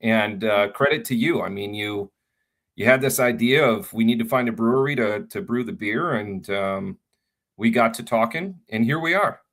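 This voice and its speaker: Man, brewer guest, relaxed friendly chat, lowish pitch. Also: moderate pace. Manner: relaxed, friendly, many fillers. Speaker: head brewer and brewery co-owner. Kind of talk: casual interview chat.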